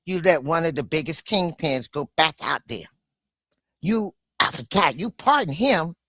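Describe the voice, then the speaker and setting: A woman livestreaming an angry political rant, blunt and swearing, with a slow, deliberate delivery. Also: low voice, expressive, a bit bright, dry recording, clean studio sound.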